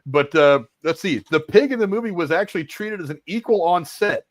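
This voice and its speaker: A man's voice: high-pitched, animated, a little fast, low-quality recording. A man hosting a casual movie review podcast, swearing freely as he reads out film trivia.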